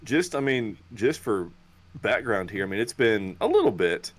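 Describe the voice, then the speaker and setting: A man's voice: on the low side, very animated, normal speed. A man chatting casually as a player in a tabletop game, laid-back and joking. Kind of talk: casual chat.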